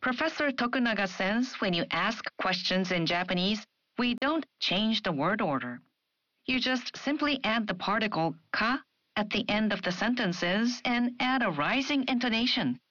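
A woman narrating a scripted language lesson, speaking clearly and carefully, lifting her voice on example questions. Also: mid-range voice, animated, normal speed, a bit bright, dry recording, lo-fi sound. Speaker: language program co-host.

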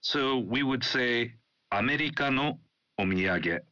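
A man co-hosting a language lesson, asking and confirming points briskly. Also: mid-range voice, lively intonation, sharp tone, no room sound. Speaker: co-host learner. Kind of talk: scripted lesson dialogue. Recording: dry, dull studio sound.

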